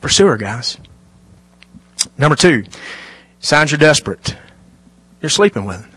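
Man, pastor, lively sermon delivery, hushed asides, dry close recording. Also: a little high, unhurried, husky, no echo. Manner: animated preaching, dropping to hushed asides.

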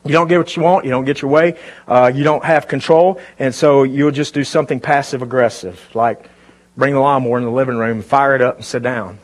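Husky-voiced male preacher. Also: medium pitch, fairly even intonation, a little fast. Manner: conversational preaching with rhetorical questions to the congregation. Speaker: pastor. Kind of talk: sermon. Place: church before a live congregation.

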